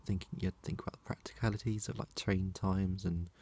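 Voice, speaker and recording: A man talking casually to camera, slow and halting, with long pauses and a soft, low-key manner. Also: little pitch movement.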